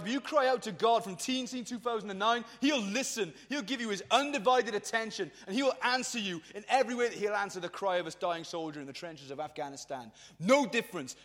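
A man, preaching a lively youth sermon to a crowd in a passionate, colloquial way. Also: high voice, fast talker, hardly any pauses. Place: large hall at a youth event. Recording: long hall reverb.

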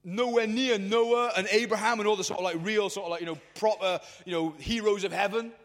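Brief: man in his thirties, youth preacher, strikingly high voice, passionate and chatty, long hall reverb. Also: steady tone, fairly quick, few pauses. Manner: passionate and colloquial, addressing the crowd. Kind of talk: lively youth sermon. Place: large hall at a youth event.

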